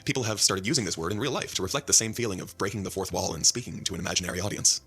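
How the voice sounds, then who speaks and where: Man, deep voice, quick narration, husky, bright tone, video essay. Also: expressive, soft background music. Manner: measured, essayistic delivery. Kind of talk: scripted narration.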